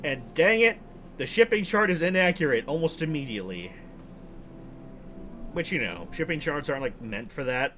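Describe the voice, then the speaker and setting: A man's voice: a little high, normal speed, long pauses, faint music behind. Amused young man narrating game clips. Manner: chuckles often, relaxed and amused. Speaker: host. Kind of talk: casual game commentary.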